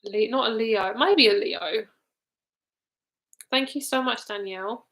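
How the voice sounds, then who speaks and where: A woman's voice: on the high side, a little slow, fairly bright tone. Chatty young woman giving a live card reading. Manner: casual, chatty, swears freely, trails off with ums. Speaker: tarot reader.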